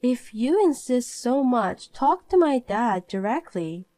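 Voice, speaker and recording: Woman voicing a calm, pointed young woman. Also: a little high, slow, no room sound. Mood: cool. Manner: cool, pointed replies. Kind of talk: animated story voice-over.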